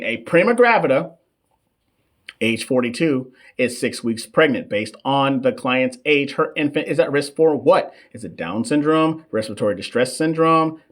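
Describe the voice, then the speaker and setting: A man, running a casual live-stream teaching session for nursing students and reading shout-outs from the chat. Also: mid-range voice. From United States. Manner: chatty, reads chat shout-outs, stumbles over long terms. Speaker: nurse coach hosting a live question session. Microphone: desk microphone.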